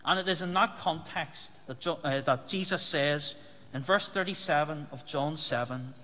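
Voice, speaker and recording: A man's voice: fairly high pitch, normal speed, pushed and bright. A man preaching a sermon as pastor, speaking earnestly and asking the congregation rhetorical questions. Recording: long hall reverb.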